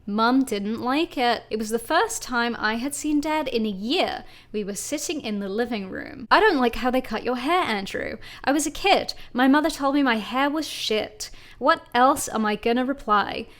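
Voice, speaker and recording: A woman reads tweets aloud and mocks them in a wry, sarcastic commentary style. Her voice sits a little high for a woman, and her jokes turn back on herself. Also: normal speed, hardly any pauses, fairly bright tone. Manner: wry, sarcastic, self-mocking. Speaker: YouTube commentator. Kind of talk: comedic commentary reading tweets.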